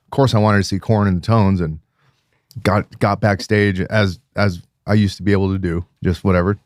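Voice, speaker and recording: A man with a low voice hosts a casual podcast chat and tells a story in a relaxed, unhurried way. His voice sounds dry and close, with no room echo. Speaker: podcast host and musician.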